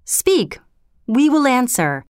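A woman's voice: sits high, very animated, slow pace, clear, resonant tone, no echo, clean studio sound, pitched above the performer's own voice, heavily acted. A woman reading as chanting wicked witches. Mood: ominous. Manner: chanting, sing-song rhythm. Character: chanting old witch sisters, sinister.

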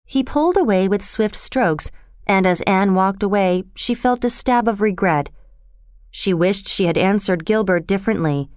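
A woman narrating a storybook in a calm, measured reading voice. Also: medium pitch, smooth, dry recording, studio quality.

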